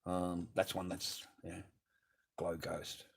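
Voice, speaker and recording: A man's voice: low voice, monotone, slow pace, gravelly, breathy edge. A middle-aged man chatting casually on a livestream while making masks, ranting and swearing with bursts of laughter. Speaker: livestreaming mask artist.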